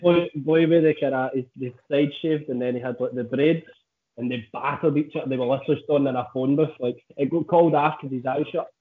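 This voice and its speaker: A man's voice: mid-range voice, fairly even intonation, a little fast. A man chatting casually as a podcast co-host, swearing and teasing his friend. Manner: sweary, teasing, laughing banter. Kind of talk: casual chat. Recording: tinny phone-like line.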